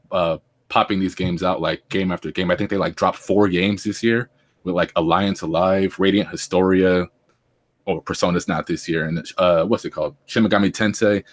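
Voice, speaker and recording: Low-voiced dude hosting a game podcast, excited, lots of likes and uhs. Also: male voice, normal speed. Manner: enthusiastic, many fillers and restarts. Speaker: podcast host. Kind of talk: casual gaming podcast chat.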